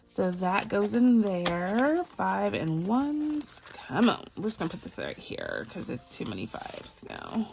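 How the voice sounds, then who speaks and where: A woman's voice: medium pitch, huge pitch swings, takes it slowly, gravelly, hardly any pauses, a little mellow, slight background noise. A woman from Barbados chatting casually to her viewers while sorting and counting cash for her budget. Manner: chatty and playful, addresses viewers as y'all. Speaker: budgeting vlogger.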